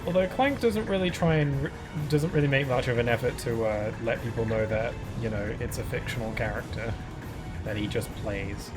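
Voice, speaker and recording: A man's voice: medium pitch, normal speed. Young guy rambling thru a game stream, um-ing a lot, music playing behind. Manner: rambling, easygoing, many fillers. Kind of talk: casual gameplay commentary. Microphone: desk microphone.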